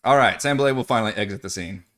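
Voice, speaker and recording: A man's voice: lowish voice, rapid-fire, a bit bright. A man with a Texan accent, chatting and laughing often as the game master of a tabletop game. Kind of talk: casual out-of-game table chat.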